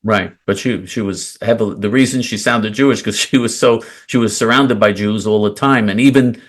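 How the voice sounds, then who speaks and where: A man with a fairly low voice hosts a relaxed conversation. He rambles, circles back often and fills pauses with filler words. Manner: rambling, many fillers and restarts. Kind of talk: casual chat.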